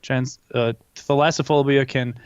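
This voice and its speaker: A young man co-hosting a casual podcast, telling animated stories and swearing often. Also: medium pitch, unhurried, clean tone, no echo, highs cut off. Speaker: podcast co-host. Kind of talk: casual chat.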